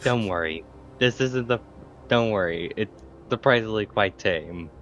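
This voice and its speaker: A laid-back male player talking slowly and reassuringly at the table. His audio is slightly dull and lo-fi, with faint music beneath. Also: lowish voice, fairly bright tone, a little hiss or hum. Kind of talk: casual table talk.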